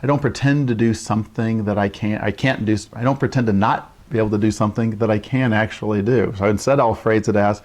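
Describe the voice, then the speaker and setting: This man teaches young children and is walking parents through early writing steps. His voice is on the low side and darkish, fairly even in intonation, and he talks fast with few pauses, frequently asking "right?" and acting out what he tells kids.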